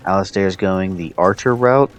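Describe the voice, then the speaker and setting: Low-voiced man talking through his game. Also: normal speed. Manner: relaxed, thinking aloud with fillers. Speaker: player commentating his own match. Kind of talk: casual gameplay commentary.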